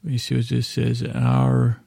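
Gravelly, flat-voiced man rambling a recap. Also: medium pitch, no room sound, clean studio sound. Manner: meandering, halting, loosely paraphrases dialogue in a casual retelling. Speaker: sleep podcast host. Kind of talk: rambling episode recap meant for falling asleep.

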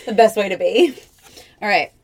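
A woman's voice: medium pitch, moderate pace, darkish tone. A young woman with a Boston accent, co-hosting a podcast in casual chat, playful and affectionate, clipping her words short. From Boston area. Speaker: podcast co-host.

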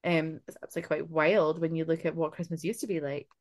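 Scottish woman podcasting, lowish voice, casual and sweary, retelling old legends. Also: fairly even intonation, fairly quick, no room sound. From Scotland. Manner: chatty, swearing, laughing asides. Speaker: podcast co-host. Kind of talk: casual chat, telling folklore.

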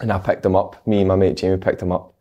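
A man's voice: sits low, little pitch movement, fast talker, lo-fi sound. A man rambling through a memory in casual chat. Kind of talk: casual storytelling.

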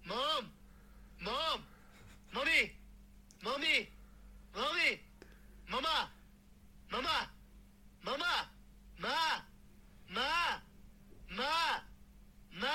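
A man's voice: very high-pitched, sharp tone, heavily acted. A man voicing a whiny cartoon baby boy who keeps calling for his mother in a nasal, insistent voice, played back as a clip.

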